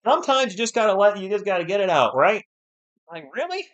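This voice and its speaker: A man hosts a live basketball stream, his voice swinging up and down as he reacts to the game and his chat. He sounds excitable and fired up. The audio is dull and lo-fi, like a home streaming setup. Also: sits high, fast talker. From New England. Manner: excitable, fired-up, talks straight to chat viewers. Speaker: live-stream sports host. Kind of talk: live play-by-play commentary and chat replies.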